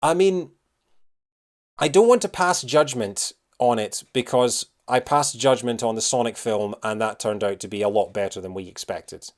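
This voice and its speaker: A man's voice: mid-range voice, normal speed. A man live-streaming, chatting casually and rambling with many fillers as he answers his chat. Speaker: streamer reacting to news.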